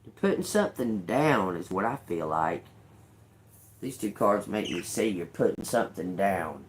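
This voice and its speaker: A woman's voice: very deep voice, sing-song, moderate pace, slight background noise. Blunt, profane older woman tarot reader. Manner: blunt and profane, with frequent laughs. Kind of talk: live tarot reading stream.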